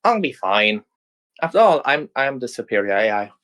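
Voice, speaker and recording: A man voicing a cheerful, bubbly young AI girl hero in a fan story reading, with excited squealing outbursts. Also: medium pitch, moderate pace. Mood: determined.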